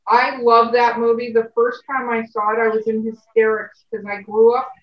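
A woman from California chatting casually as a co-host, telling animated stories. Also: fairly high pitch, normal speed. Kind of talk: casual chat. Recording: distant, roomy and muffled.

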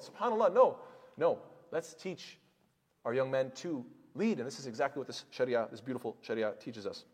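A man's voice: mid-range voice, brisk, a little mellow, husky, long reverb tail. A man giving an earnest sermon, telling stories and asking rhetorical questions. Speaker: imam.

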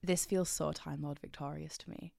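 A woman's voice: low-pitched, fairly even intonation, normal speed, gravelly, dark tone, no room sound, clean studio sound. A woman co-hosting a casual podcast, chatting loosely, saying "like" a lot and swearing. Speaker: podcast co-host. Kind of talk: casual chat.

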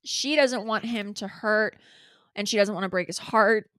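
A woman's voice: medium pitch, moderate pace, no echo, clean studio sound. Chatty young woman recapping clips. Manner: animated, recounts clips in detail, swears casually. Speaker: podcast co-host. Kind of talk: casual recap chat.

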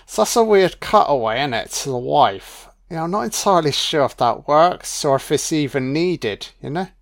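A man's voice: a little high, expressive, moderate pace, creaky. A man giving a casual, profane audio commentary on a film, chatting loosely and laughing often.

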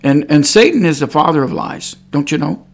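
A man's voice: on the high side, lively intonation, fairly quick, creaky. A man preaching an informal sermon, rambling and repeating himself, and sometimes growing fervent. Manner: rambling, repeats words, grows fervent and cries out praise.

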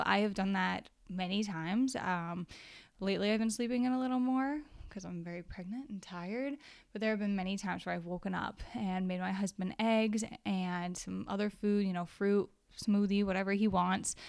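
A woman's voice: mid-range voice, clean tone, no room sound, clean studio sound. A young woman teaching a casual devotional Bible study, earnest and conversational, reading verses aloud.

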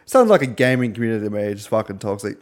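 A man hosting a podcast, husky and hungover, chatting crudely with lots of jokes and swearing. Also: fairly low pitch, very animated, fast talker. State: husky from a hangover. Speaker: podcast host. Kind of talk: casual chat.

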